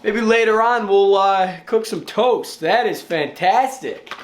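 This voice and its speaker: A relaxed, self-mocking man chats his way through a lazy day at home in a slightly raised voice. His casual swearing rings around an echoey room. A faint hiss sits underneath. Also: high-pitched, takes it slowly. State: out of breath. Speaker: vlogger. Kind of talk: casual vlog talk to camera.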